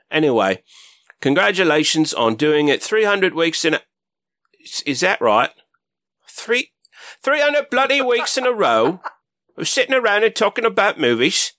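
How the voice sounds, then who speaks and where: A man's voice: a little high, pushed and bright, no echo, heavily acted. A man doing a comic of an older film star, rambling and crude. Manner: rambling, bemused, crude asides. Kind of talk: comedic impression cameo.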